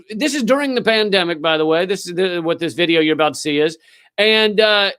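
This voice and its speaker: A high, smooth-voiced man riffing through a livestream rant. He talks sarcastically, swears freely and fills gaps with "uh" as he works up to his point. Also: fairly bright tone. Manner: sarcastic and profane, with frequent fillers. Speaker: livestream host. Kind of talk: ranting commentary.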